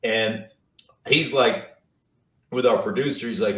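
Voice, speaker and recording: A man's voice: medium pitch, slow, pauses often, fairly bright tone. A middle-aged man, a football analyst and guest, telling stories in casual chat, rambling with repeated words and fillers. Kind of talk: casual storytelling interview. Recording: roomy, distant mic.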